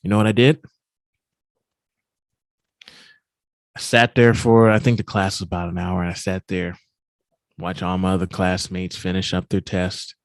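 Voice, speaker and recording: A man giving a keynote at a virtual summit, telling a personal story in an animated, emphatic way. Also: low-pitched, unhurried, long pauses, clean tone, no echo. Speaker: keynote speaker. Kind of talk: storytelling talk.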